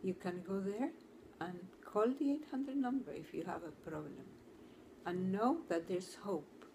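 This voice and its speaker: A woman's voice: medium pitch, mellow, slight background noise. A woman therapist telling a client's story to camera in an earnest, storytelling manner. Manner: earnest, storytelling, slow and deliberate. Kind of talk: talk to camera.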